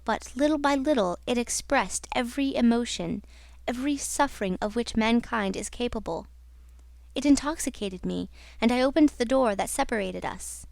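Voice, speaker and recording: A woman narrating an audiobook in a slow, dramatic reading style. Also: on the high side, gravelly, darkish tone, no echo. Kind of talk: scripted narration.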